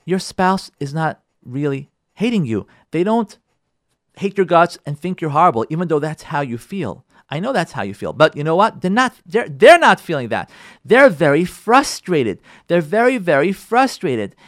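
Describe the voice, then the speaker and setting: A middle-aged man gives an emphatic talk on marriage as a rabbi and counselor. His voice is fairly high and swoops all over, as he speaks straight to his listeners. The sound is close and dry. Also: moderate pace, no echo. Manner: lively, acts out spouses' quarrels in dialogue; addresses the audience directly, emphatic and repetitive. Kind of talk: lecture on marriage.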